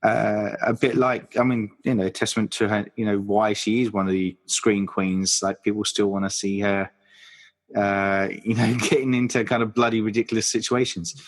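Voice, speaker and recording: A man's voice: on the low side, flat delivery, normal speed. A man co-hosting a podcast, chatting casually about a horror film with many fillers and restarts. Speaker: podcast co-host.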